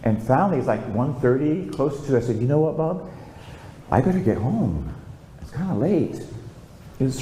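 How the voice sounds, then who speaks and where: A man's voice: medium pitch, sing-song, normal speed, long pauses, warm tone, slight background noise. An older man, a priest, preaching a storytelling sermon and calling out for amens. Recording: echoey room with faint ambience.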